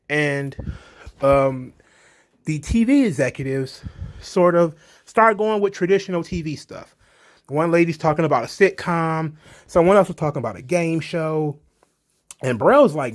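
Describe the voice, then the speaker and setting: Man, casual movie review, blunt, rambling, swears, slightly high voice. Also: moderate pace.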